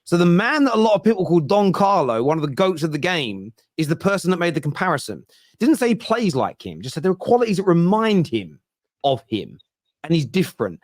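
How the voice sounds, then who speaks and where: A man hosting a football fan show, reacting fast to viewer comments in casual discussion. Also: on the high side, big pitch swings, no echo, studio quality.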